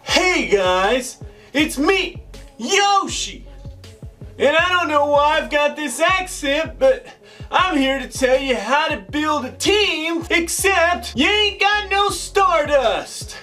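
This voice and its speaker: A high, bright little male dinosaur voice, bouncy and cartoonish, as a man puts him on. A goofy put-on accent and a sing-song lilt run through every word. Soft music plays under it. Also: expressive, slow pace, heavily acted.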